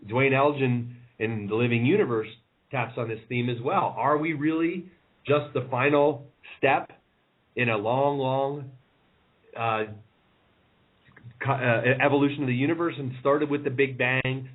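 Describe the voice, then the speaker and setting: A man who is a guest on a podcast, thinking aloud in a halting, musing way with many restarts. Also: mid-range voice, steady tone. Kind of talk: casual conversation. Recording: tinny phone-line call.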